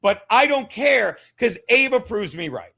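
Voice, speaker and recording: High-voiced ranting male streamer. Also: very animated, unhurried, vocal fry, husky. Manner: profane, rambling, mocking; repeats himself, shouts at times. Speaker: streamer host. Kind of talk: ranting live stream commentary.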